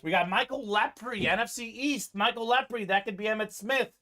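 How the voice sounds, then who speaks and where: A man's voice: high voice, normal speed, pushed and bright. A man hosting a live-streamed sports card break, giving upbeat running commentary on teams and players.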